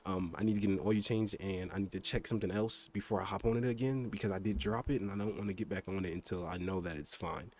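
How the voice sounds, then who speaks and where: Young dude rambling about bikes while gaming, lowish voice, lots of ums, kinda excitable. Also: male voice, quick pace, few pauses, a little hiss or hum. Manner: rambling, excitable, swears casually, many fillers and restarts. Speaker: streamer. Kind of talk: casual chat while gaming.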